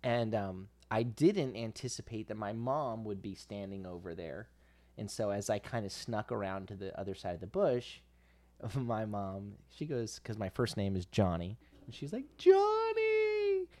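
A man's voice: fairly low pitch, moderate pace, darkish tone. A man co-hosting a podcast, telling a childhood story in a rambling, self-correcting way and laughing as he goes. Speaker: podcast co-host. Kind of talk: casual storytelling chat.

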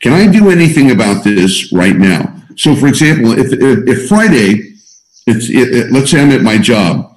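A man's voice: mid-range voice, big pitch swings, moderate pace. A man coaching students in a roomy space. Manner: emphatic, repeats key points. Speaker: coach guiding a group of students. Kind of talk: teaching talk to a small group. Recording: roomy echo.

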